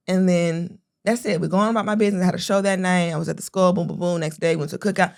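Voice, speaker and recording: A young woman co-hosting a podcast in casual chat, telling a story with lively acted-out quotes. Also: mid-range voice, very fast, hardly any pauses. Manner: animated storytelling, acting out quotes with a raised voice. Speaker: podcast co-host.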